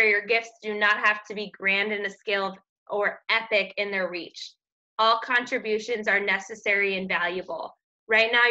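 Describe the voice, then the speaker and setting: Woman coach hyping up her team, bright earnest voice, kinda dull lo-fi sound. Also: mid-range voice. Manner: earnest, upbeat, faith-based encouragement. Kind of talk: motivational team talk. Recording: dull lo-fi audio.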